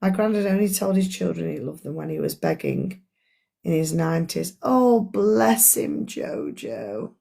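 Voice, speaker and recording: A woman's voice: low-pitched, huge pitch swings, fairly quick, vocal fry, mellow, breathy edge. A middle-aged woman, a life coach, leading an earnest, chatty book club discussion on a live stream and talking straight to her audience.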